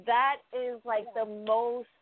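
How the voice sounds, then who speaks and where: Female guest, effusive and excitable; high voice through a tinny phone line. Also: slow, no room sound. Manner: gushing, excitable, repeats herself. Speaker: guest cast member. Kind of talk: casual show guest chat.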